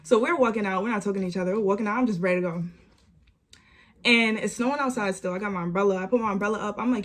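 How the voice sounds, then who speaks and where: A young woman, telling a storytime vlog story with animated repeats and lots of "like". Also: mid-range voice, racing. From New York. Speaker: vlogger.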